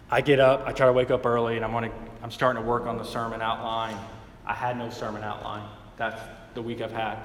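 A man in his thirties preaching a sermon, moving between quiet, conversational storytelling and emphatic passages. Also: mid-range voice, slight background noise. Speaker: pastor. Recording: hall reverb with faint ambience.

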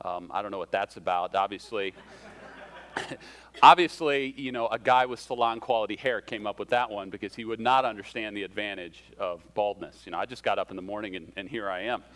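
A man's voice: fairly low pitch, fairly quick, fairly bright tone. Man preaching a conversational sermon. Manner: conversational, self-deprecating humor, varies pace and emphasis. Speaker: pastor.

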